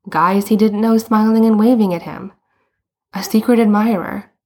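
A woman narrating a story in a calm, steady storytelling manner. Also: mid-range voice. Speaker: audiobook reader.

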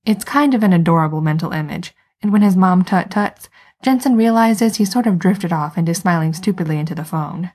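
Husky woman reading a story aloud. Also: lowish voice, brisk, darkish tone. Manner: wry, conversational storytelling. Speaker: narrator. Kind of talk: fan fiction read aloud.

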